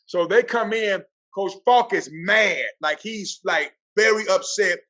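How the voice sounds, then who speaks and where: A man, a guest athletic director, telling stories in a lively way and acting out the quotes. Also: high voice, unhurried. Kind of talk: animated storytelling.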